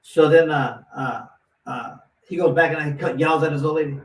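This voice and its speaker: Man guest, lively storyteller, slightly high voice, echoey room, off-mic with faint hiss. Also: normal speed. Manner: animated, acts out quotes with lots of restarts. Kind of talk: casual storytelling. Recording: roomy echo, mic at a distance, faint noise.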